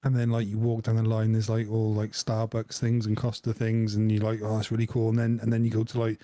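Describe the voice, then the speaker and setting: A podcast co-host with a fairly low, mellow, monotone voice talks briskly in a casual, jokey chat. He laughs often and acts out voices when telling anecdotes, and the recording has no echo.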